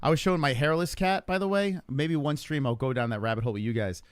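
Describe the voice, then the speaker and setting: A man's voice: fairly high pitch, fast talker, smooth, no echo, studio quality. A man hosting a casual fight-show podcast, bantering loosely with plenty of swearing and reading out questions from the chat. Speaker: podcast host.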